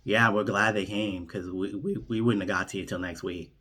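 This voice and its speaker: A man's voice: lowish voice, steady tone, normal speed, a bit bright, husky. A man doing an offhand older leader. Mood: apologetic. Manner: rambling, offhand explanations.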